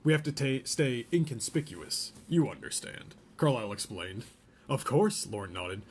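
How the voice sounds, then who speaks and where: A man reading a novel chapter aloud in a relaxed way, stopping now and then to joke about the story. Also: medium pitch, normal speed, slight background noise. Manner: reads a novel aloud, breaks off for joking asides. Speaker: podcast host reading aloud. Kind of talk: casual read-aloud with asides.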